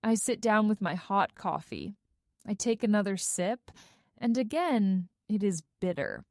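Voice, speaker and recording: Woman narrator for a learner story, slow and careful, lively melody. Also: medium pitch, dry recording, studio quality. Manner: careful, deliberate, expressive reading.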